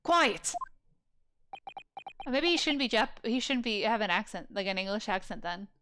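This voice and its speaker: A woman's voice: medium pitch, expressive, fairly quick, fairly bright tone, clear, resonant tone. A woman hosting a let's play, chatting casually and bluntly with joking asides, game music behind her.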